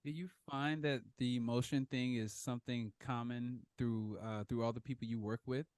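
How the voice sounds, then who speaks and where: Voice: medium pitch, fairly even intonation, normal speed, a little mellow, no echo. Hesitant podcast host, dry close sound. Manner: hesitant questions, many fillers. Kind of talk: podcast interview.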